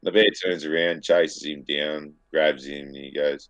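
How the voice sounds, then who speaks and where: A man co-hosting a podcast, telling crude jokes in a laid-back, drawn-out way. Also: rumbling low, level tone, no echo, lo-fi sound. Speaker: podcast co-host. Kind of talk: casual crude joke-telling.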